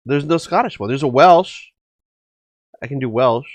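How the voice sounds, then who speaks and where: A man hosting a livestream from a home setup talks in a rambling, loose way, full of fillers and the odd curse. His voice sits at an ordinary pitch. The sound is dry and close to the mic, with no room in it. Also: animated, normal speed, dry recording. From United States. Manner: rambling, profane, many fillers. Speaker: livestream host. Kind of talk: casual stream chat.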